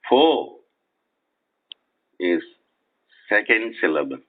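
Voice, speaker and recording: Slow, low-voiced man on a tinny phone. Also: sing-song. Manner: slow, deliberate, repeats and spells out words. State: lying down in bed. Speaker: spiritual teacher. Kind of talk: spiritual lecture. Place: bedroom at night. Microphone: cell phone resting on his chest.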